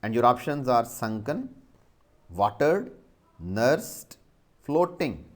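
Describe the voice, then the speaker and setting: A man's voice: medium pitch, very animated, takes it slowly. A male teacher with a Pakistani English accent, dictating a vocabulary exercise and spelling words letter by letter.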